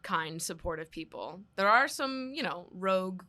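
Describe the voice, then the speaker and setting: A woman's voice: fairly low pitch, lively intonation, moderate pace, bright, forceful tone. A woman guesting on a casual podcast, chatty and self-deprecating. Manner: laughs often, self-deprecating.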